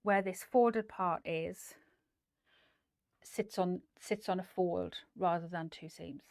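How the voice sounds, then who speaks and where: A woman's voice: on the low side, slow, a little mellow. A middle-aged woman hosting a casual sewing livestream, chatty and rambling, with lots of ums and likes as she demonstrates and answers viewers. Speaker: host.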